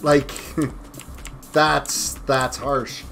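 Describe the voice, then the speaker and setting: A man's voice: medium pitch, moderate pace. A middle-aged man chatting casually on a live game stream, rambling while he reads chat aloud. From Canada. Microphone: desk mic beside him. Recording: music playing behind the voice. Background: music and keyboard typing.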